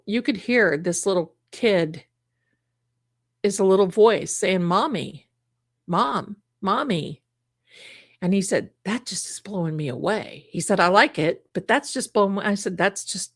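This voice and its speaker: A middle-aged woman, telling a ghost story at home in a casual, animated way and acting out the voices she quotes. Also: medium pitch, dry recording, clean studio sound. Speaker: psychic show host.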